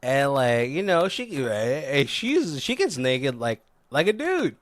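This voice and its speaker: A man's voice: medium pitch, sing-song, slow, no echo, studio quality. A man co-hosting a podcast, retelling a film's plot in loose casual chat, with lots of fillers and frequent laughter. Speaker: podcast co-host. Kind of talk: casual movie commentary chat.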